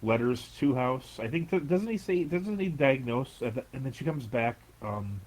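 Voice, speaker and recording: A man co-hosting a podcast, chatting in an animated, rambling way full of fillers. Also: medium pitch, moderate pace, low-quality recording. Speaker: podcast co-host. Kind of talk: casual chat recapping a TV episode.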